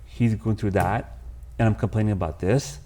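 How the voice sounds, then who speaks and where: A man, speaking in a fairly low voice. He tells his story to a podcast host with raw, candid emotion, dropping "bro" and "man" as he goes. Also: normal speed, warm tone. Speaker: podcast guest. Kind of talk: casual storytelling interview.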